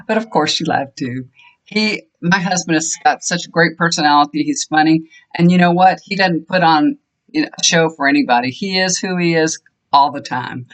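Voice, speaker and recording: A woman's voice: deep voice, brisk. An older woman, a tarot reader and healer, chatting casually to her viewers at home with rambling, fond storytelling. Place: home room, fan switched off.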